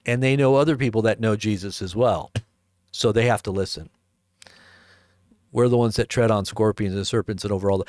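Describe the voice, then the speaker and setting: A man preaching and commenting on the news, emphatic, full of rhetorical questions and quick restarts. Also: on the low side, steady tone, a little mellow, dry recording, studio quality.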